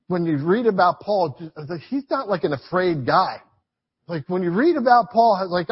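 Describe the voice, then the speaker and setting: A man preaching a sermon to his church, emphatic and repetitive, swinging between loud urging and quiet reflection. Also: high-pitched, breathy edge, lo-fi sound.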